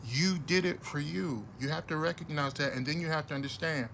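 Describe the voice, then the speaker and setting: Blunt rambling man with a bright voice. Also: fairly high pitch, a little fast, gravelly, slight background noise. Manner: blunt, rambling, many restarts. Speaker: vlogger. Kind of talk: casual monologue to camera.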